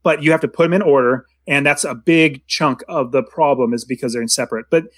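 A man's voice: mid-range voice, quick pace, breathy edge, dry recording. A man co-hosting a casual movie discussion, talking in a rambling way with many restarts. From United States. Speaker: podcast co-host.

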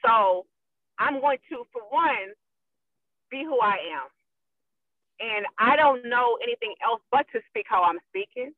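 A woman's voice: on the high side, lively intonation, measured pace, pauses often, no echo. A woman guest in casual chat, emphatic and repeating her points. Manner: emphatic, repeats herself, gets loud. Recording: tinny phone line.

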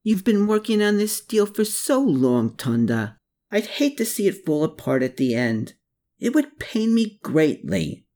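A woman's voice: medium pitch, very animated, measured pace, mellow, pitched above the performer's own voice. A narrator voicing a shrewd, watchful woman in an audiobook, guarded and probing. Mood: coaxing. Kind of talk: audiobook character voice.

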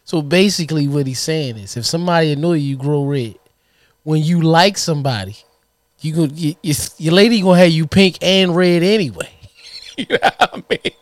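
A man's voice: fairly high pitch, brisk, no room sound. A man co-hosting a podcast in casual banter, loose and slangy, laughing often. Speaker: podcast co-host.

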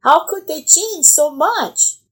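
A woman voicing a group of excited village children in a storybook reading, shouting eagerly. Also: sits high, slow pace, pitched above the performer's own voice, full character voice.

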